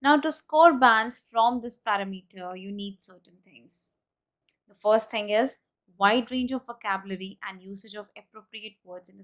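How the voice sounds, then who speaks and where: A woman with an Indian English accent teaching an exam-prep speaking lesson, explaining step by step and modelling example sentences aloud. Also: a little high.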